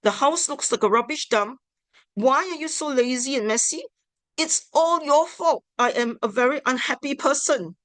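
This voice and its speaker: A woman's voice: sits high, moderate pace, fairly bright tone, no room sound, pitched above the performer's own voice. A woman voicing a partner who blames and nags in an accusing tone. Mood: blaming. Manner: accusing, complaining. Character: nagging, blaming spouse.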